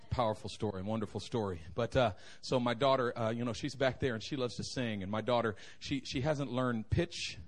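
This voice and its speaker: A man's voice: medium pitch, a little fast, hardly any pauses. A young man preaching a humorous sermon in a church, telling stories and joking with the congregation. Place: church sanctuary.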